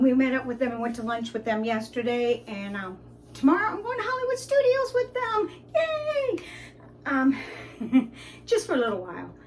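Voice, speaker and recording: Woman, high-pitched, casual rambling vlog talk, faint background hiss. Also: darkish tone, distant mic, low-quality recording. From Detroit area. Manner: chatty and rambling, with frequent fillers. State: out of breath. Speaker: vlogger. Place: indoors at home, then outdoors at a theme park.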